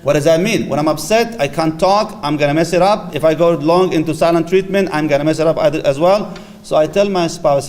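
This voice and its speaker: A middle-aged man giving a lively religious lecture on marriage, acting out short dialogues and mixing in Arabic phrases. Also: on the high side, brisk. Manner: animated, acts out little dialogues, Arabic phrases mixed in. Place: lecture hall with audience.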